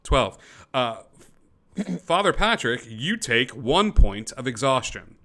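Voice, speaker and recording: Bright-voiced man running a tabletop game. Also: mid-range voice, sing-song, slow pace. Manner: descriptive, with many fillers and restarts. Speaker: game master. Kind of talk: narrating a tabletop game over a call.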